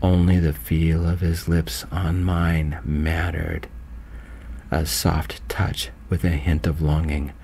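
A man narrating his own romance story in a gentle, slow, soft-spoken voice. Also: very deep voice, little pitch movement, gravelly, a little hiss or hum.

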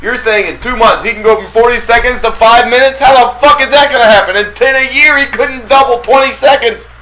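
A man's voice: extremely high pitch, fairly quick, sharp tone, low-quality recording. A man co-hosting a casual wrestling talk show, blunt and argumentative, swearing freely. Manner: blunt, profane, argumentative, mimics people. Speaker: radio show co-host.

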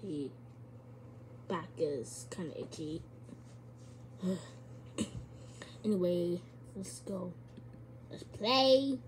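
A woman's voice: lowish voice, animated, drawn-out words, pauses often, noisy background. A woman giving casual, chatty let's-play commentary, giggling and talking back to a game character. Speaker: gamer.

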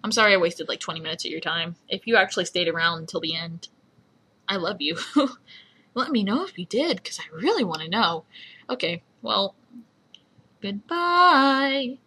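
A young woman rambling in a casual voice memo, apologizing often and speaking in a husky voice. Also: lowish voice, lively intonation, fairly quick, bright, forceful tone. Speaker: fan recording a voice memo.

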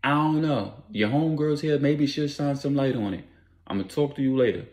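A man's voice: medium pitch, normal speed, darkish tone, pitched above the performer's own voice, close to an everyday voice. A man voicing a commanding male street boss who gives firm, blunt orders. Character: commanding male drug boss protecting his family.

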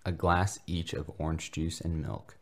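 A man's voice: a bass voice, steady tone, unhurried. A man voicing a kindly, folksy school reverend who speaks ponderously. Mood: praying.

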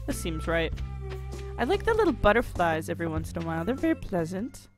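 A woman's voice: lowish voice, very animated, fairly quick, soft background music. A woman commenting while playing a farming game, joking and swearing freely. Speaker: gamer. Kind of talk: let's play commentary.

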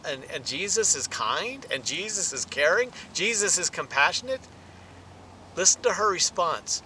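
High-voiced animated preacher man. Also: moderate pace, slight background noise, low-quality recording. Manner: animated, rises in pitch and volume for emphasis. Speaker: pastor. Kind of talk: sermon teaching.

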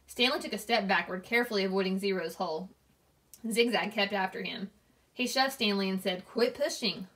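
A woman reading a novel aloud, narrating steadily and clearly. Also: mid-range voice, a little fast, fairly bright tone. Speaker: reader.

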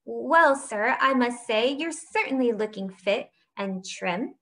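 Woman reading as a smarmy, fawning boy, falsely cheerful, fairly high, unhurried. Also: animated, a bit bright, exaggerated voice. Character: smug, fawning rich boy.

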